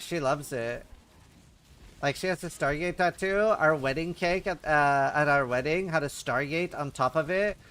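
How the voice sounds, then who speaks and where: Casting note: a male streamer with a slightly high voice, telling loose anecdotes in casual chat, swearing freely and laughing at his own jokes. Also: fairly bright tone. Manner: rambling, profane, laughs at own stories. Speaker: livestream host.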